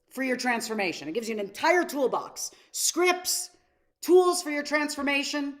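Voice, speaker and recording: High-voiced woman coaching a live masterclass. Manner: storytelling, asks audience questions, acts out quotes. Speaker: seminar coach.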